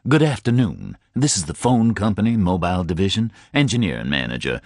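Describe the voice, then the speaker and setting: A man voicing a small-town male detective who speaks low, measured and careful. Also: big pitch swings, a little mellow, no room sound, clean studio sound, exaggerated voice. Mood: smooth pretense.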